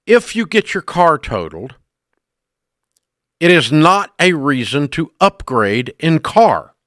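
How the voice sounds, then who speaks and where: A man's voice: fairly high pitch, big pitch swings, slow, a bit bright, dry recording, clean studio sound. A middle-aged man hosting a call-in radio advice show, speaking bluntly and emphatically and scolding bad choices.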